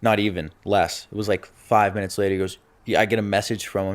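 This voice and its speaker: A young man co-hosting a casual podcast with a slightly low voice. He tells stories in a loose, animated way and laughs through the funny parts. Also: fast. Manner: animated storyteller, laughs through his own story. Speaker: podcast co-host. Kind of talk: casual chat.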